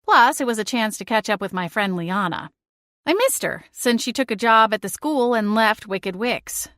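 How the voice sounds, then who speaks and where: A woman's voice: a little high, expressive, normal speed, a bit bright, no echo, clean studio sound. A woman narrating a cozy first-person audiobook, reading expressively and acting out exasperated dialogue.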